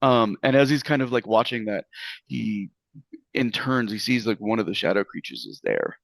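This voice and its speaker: Rambling male GM, animated, gravelly tone. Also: on the low side, normal speed, no echo. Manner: rambling, full of fillers. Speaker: game master. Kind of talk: narrating a tabletop game.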